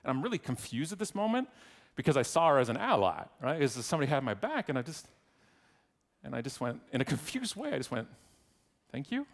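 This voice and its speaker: A middle-aged man tells a comedic story at a keynote, his pitch rising and falling all the time. He acts out each person's voice and breaks into loud shouting at the high points. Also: sing-song, fast, big-room sound. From Canada. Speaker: keynote speaker. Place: large conference hall.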